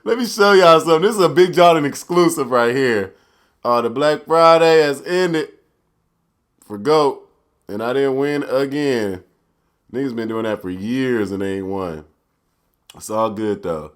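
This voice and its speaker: A young man hosts a casual solo podcast in a loose, profane style, a little slow in pace. He swings from loud outbursts to low mutters.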